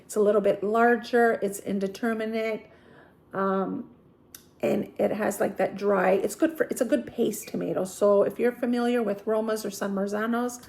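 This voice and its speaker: A woman's voice: medium pitch, fairly even intonation, moderate pace, gravelly, darkish tone. A woman from Apulia in Italy, a gardening vlogger, chatting casually through a seed haul, rambling and correcting herself with frequent ums.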